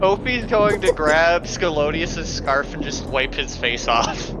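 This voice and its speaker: A player in a tabletop game, speaking in a quick, matter-of-fact way while declaring actions. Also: medium pitch, lively intonation, background noise. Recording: dull lo-fi stream audio. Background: background music.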